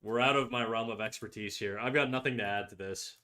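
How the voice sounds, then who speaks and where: Man, casual streamer banter, bright ringing tone, teasing and rambly. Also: lowish voice, fairly even intonation, a little fast. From Canada. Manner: teasing, rambling, heavy use of "like". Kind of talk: casual livestream chat. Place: home streaming setup.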